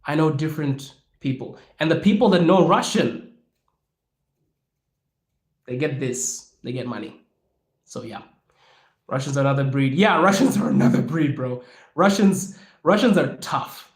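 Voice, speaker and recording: A man hosting his own podcast, answering viewer questions in a casual, animated way and acting out the people he quotes. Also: a little high, measured pace, pauses often, reverberant. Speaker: podcast host. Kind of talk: casual Q&A monologue. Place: lives in Russia.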